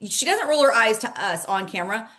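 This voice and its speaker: A woman's voice: on the high side, lively intonation, fairly quick, fairly bright tone. Reflective woman co-hosting a recap chat. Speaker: co-host. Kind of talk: casual reality-TV recap chat.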